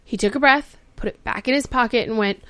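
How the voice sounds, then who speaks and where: A woman podcast host giving a casual, animated recap of a TV episode, acting out the characters' lines and swearing freely. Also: fairly high pitch, brisk, no echo. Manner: animated storytelling, acts out quotes, swears freely.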